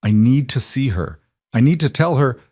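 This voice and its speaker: A man's voice: mid-range voice, very animated, normal speed, mellow, no room sound, studio quality, pitched above the performer's own voice. A man voicing an emotional single father in a narrated story, earnest and pleading.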